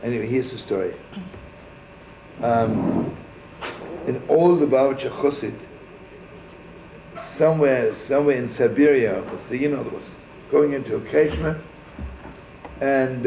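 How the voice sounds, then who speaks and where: A man's voice: mid-range voice, measured pace, creaky, long pauses, warm tone, a little hiss or hum. A man, a rabbi, telling a story in a folksy, digressive way, sprinkling Yiddish words and asking "right?" as he goes. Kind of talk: informal storytelling talk. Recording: echoey, muffled archival room recording.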